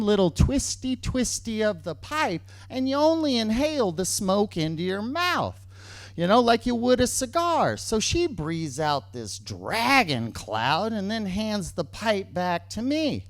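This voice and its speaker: Animated male storyteller, dry sound. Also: high-pitched, no room sound. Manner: animated, repeats lines for emphasis. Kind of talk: true-story stage storytelling.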